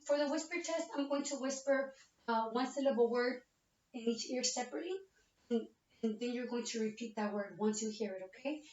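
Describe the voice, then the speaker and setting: A woman's voice: on the high side, a little mellow. A woman, a nursing student, talks a patient through a physical exam, explaining each step and checking in with "okay?" again and again. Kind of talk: narrated physical exam demonstration. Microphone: laptop webcam. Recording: roomy, distant, muffled webcam audio.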